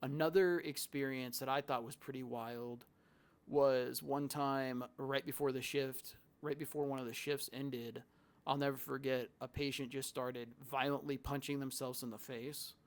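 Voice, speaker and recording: A man's voice: mid-range voice, flat delivery, measured pace. A man who worked in a psychiatric hospital, telling stories in a loose, rambling way with restarts and quoted asides. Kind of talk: casual storytelling to camera.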